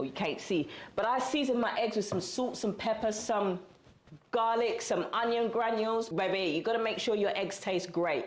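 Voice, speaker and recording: A woman from the UK talking casually to camera in a cooking vlog, chatty and animated, calling viewers girl and baby. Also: medium pitch. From United Kingdom. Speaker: vlogger. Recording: roomy echo.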